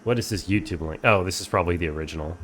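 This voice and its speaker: A young man with a fairly low voice plays through a game on stream. He reads the on-screen text aloud and answers viewers in a dry, offhand way. A faint hiss sits under his voice. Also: very fast, a bit bright. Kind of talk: casual game playthrough commentary.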